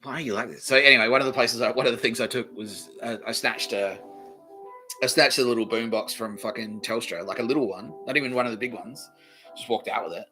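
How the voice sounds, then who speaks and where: A man with a very bright, cutting voice delivers a rambling comedic monologue, swearing freely. He lurches between loud outbursts and low mutters. Faint music sits underneath. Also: fast, low-quality recording. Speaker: podcast host.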